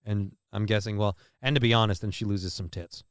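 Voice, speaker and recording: Sarcastic rambling man with a smooth voice. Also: fairly low pitch, fairly even intonation, a little fast, no room sound, clean studio sound. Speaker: streamer reacting to videos. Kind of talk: casual reaction commentary.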